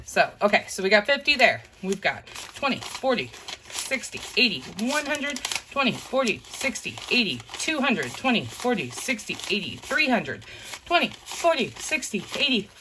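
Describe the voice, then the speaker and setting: A woman's voice: on the high side, a bit bright, a little hiss or hum. Chatty woman counting cash aloud. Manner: chatty, addresses viewers as "you guys", counts bills aloud. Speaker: budgeting vlogger. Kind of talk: casual talk to camera while counting cash.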